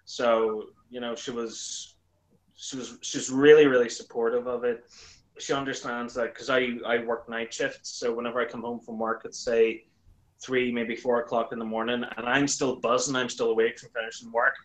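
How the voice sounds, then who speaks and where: Animated man telling stories. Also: moderate pace, rough recording. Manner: animated storyteller, acts out quoted lines in a higher voice. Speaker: YouTuber guest. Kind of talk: casual chat.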